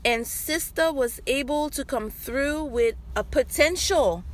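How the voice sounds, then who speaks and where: A woman's voice: sits high, slow, a little hiss or hum. A woman hosting a podcast, talking casually in a rambling way with many fillers and restarts. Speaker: podcast host. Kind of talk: casual health talk.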